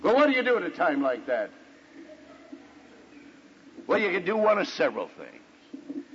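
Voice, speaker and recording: A man preaching a storytelling sermon in an animated way, with his voice jumping high whenever he quotes someone. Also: a little slow. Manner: animated, jumps high when quoting others. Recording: dull lo-fi recording with faint hiss.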